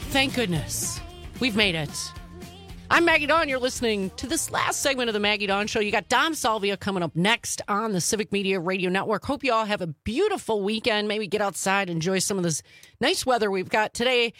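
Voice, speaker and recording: A woman hosts a talk radio show, speaking a little fast at medium pitch on a studio microphone with no echo and soft background music. She's opinionated, animated and emphatic, dragging out key words to make her points.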